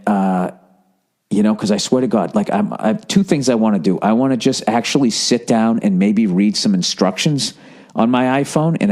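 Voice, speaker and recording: A man's voice: lowish voice, a little mellow. Man, podcast monologue, profane, rambling, self-mocking storytelling. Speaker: comedian and podcast host.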